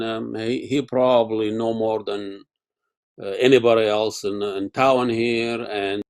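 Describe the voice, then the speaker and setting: A man hosting a casual interview over a video call, talking haltingly with many fillers and restarts. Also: medium pitch. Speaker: interview host.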